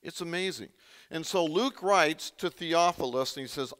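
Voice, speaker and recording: A male pastor delivers a sermon in a fairly high, bright, forceful voice. He preaches conversationally and keeps quizzing his listeners. The sound rings with a long reverb, like a big hall. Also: normal speed, clear, resonant tone.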